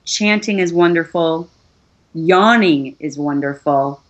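A woman's voice: deep voice, slow, dull audio. A middle-aged woman, a voiceover artist, earnestly giving step-by-step advice in a casual conversation. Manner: earnest, coaching, gives step-by-step instructions.

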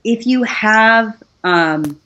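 A woman's voice: a little high, very slow, pushed and bright, highs cut off. A middle-aged woman, a voiceover artist, earnestly giving step-by-step advice in a casual conversation. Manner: earnest, coaching, gives step-by-step instructions.

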